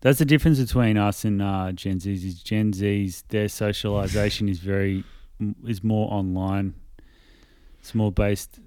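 A fairly low, smooth and clear male voice, recorded close and dry. He is a man in his thirties from Australia, chatting casually on a podcast and swearing often. When he quotes people, he slips into mock voices. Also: steady tone, normal speed, a little mellow, no echo. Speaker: podcast co-host. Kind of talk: casual chat.

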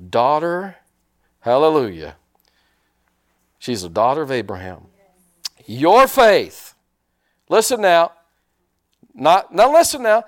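A male pastor preaching a sermon, asking the congregation questions and drawing responses. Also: on the high side. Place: church sanctuary.

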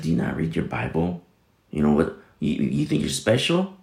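A man's voice: extremely low pitch, huge pitch swings, normal speed, creaky, a little mellow, echoey room. A man pastor giving a conversational Bible teaching sermon, rambling with many restarts and sudden emphatic rises.

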